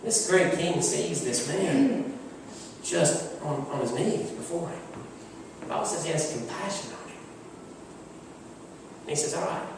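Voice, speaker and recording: A male pastor preaches in a relaxed, storytelling way, leaning hard on key words. His voice sits slightly high and is caught from far off by the mic. A long reverb fills the church sanctuary, with faint ambience underneath. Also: unhurried, creaky, pauses often, a little hiss or hum. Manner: conversational storytelling, emphatic. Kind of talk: sermon. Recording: echoey church hall from far off.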